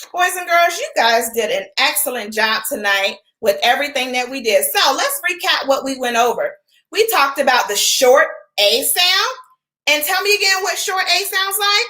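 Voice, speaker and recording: A woman's voice: sits high, bright, forceful tone. A woman teacher giving an online literacy lesson to young children, asking questions and answering them herself in an encouraging way.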